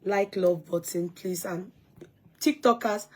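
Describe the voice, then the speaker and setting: Gambian woman, casual live-stream chat, unhurried, friendly greetings to viewers. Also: mid-range voice. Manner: chatty, greets viewers by name, breaks into song.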